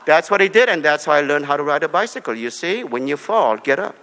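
A man from Korea preaching a sermon, repeating short commands and swinging between soft and loud delivery. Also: on the high side, animated, fast talker, big-room sound. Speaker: pastor.

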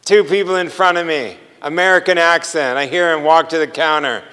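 Male preacher, high and clear voice, animated storytelling, hall echo. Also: a little fast. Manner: animated storyteller, acts out dialogue with laughs. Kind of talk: sermon storytelling.

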